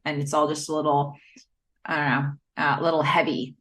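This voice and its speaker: A woman co-hosting a podcast in casual chat, animated, with frequent laughs and trailing fillers. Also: low voice, a little fast. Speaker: podcast co-host. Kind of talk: casual chat recapping a TV show.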